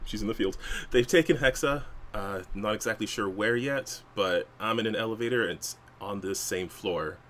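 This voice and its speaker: A man playing a tabletop game, casual and energetic, slipping into in-character banter. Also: fairly low pitch, normal speed, hardly any pauses, slight background noise. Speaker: player.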